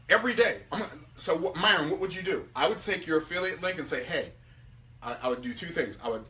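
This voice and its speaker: A man coaching his members in a live video pitch, energetic and repetitive, often restarting his sentences. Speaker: business coach.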